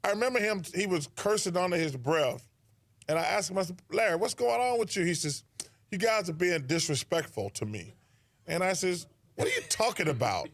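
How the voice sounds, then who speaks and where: A man's voice: sits high, animated, brisk, fairly bright tone. A man in an interview clip telling a funny basketball anecdote, stammering a little and laughing at his own story.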